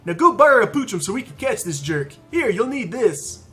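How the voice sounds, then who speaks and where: A man's voice: sits high, expressive, brisk, pushed and bright. A man voicing a chatty, folksy townsman with a put-on old-timey rural drawl. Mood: scheming.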